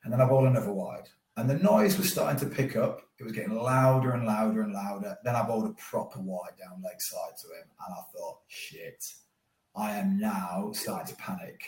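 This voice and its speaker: A man, a former cricketer as podcast guest, telling a story in a lively way and acting out his own thoughts. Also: lowish voice, a little fast, few pauses, recorded from a distance. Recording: roomy sound, a bit off mic.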